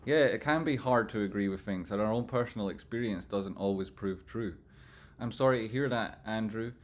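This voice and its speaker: Scottish male stream host, lower voice, reads chat, swears casually, swings loud to soft. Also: normal speed. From Scotland. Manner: chatty, swears freely, swings from loud jokey outbursts to soft sincere asides. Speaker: livestream host reading chat.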